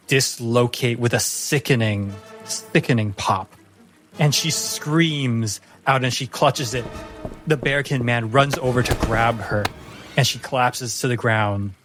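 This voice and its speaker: A man narrating a tabletop game as game master, slowly and dramatically. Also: medium pitch, fairly bright tone. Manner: slow, dramatic descriptive narration.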